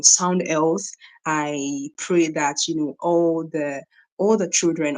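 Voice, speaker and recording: A young woman from Nigeria hosting a casual morning livestream, greeting viewers by name and often repeating herself. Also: low-pitched. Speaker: livestream host. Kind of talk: casual live-stream chat with viewers.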